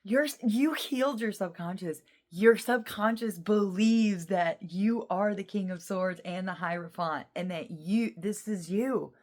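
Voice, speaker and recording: Excitable low-voiced woman reading tarot. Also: moderate pace. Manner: emotional and excitable, rambling with many restarts. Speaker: tarot reader. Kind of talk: casual tarot card reading to viewers.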